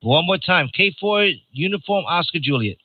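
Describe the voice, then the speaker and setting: A man's voice: sits high, expressive, normal speed, phone-quality sound. An older man from New York hosting a ham radio net in chatty, joking casual talk, reading out call signs. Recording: noisy radio transmission.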